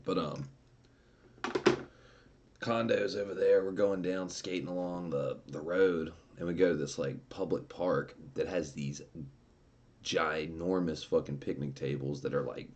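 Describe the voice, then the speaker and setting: A man's voice: deep voice, slow pace, long pauses, a little mellow, muffled recording. A man streaming, casually telling a story with lots of swearing and laughter. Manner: profane and laughing.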